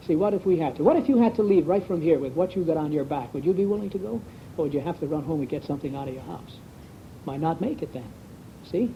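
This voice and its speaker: A man giving a conversational Bible talk at a congregation meeting, folksy, asking rhetorical questions and repeating "see?" and "sure". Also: on the high side. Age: 1970s recording. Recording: muffled old lo-fi tape with faint hiss.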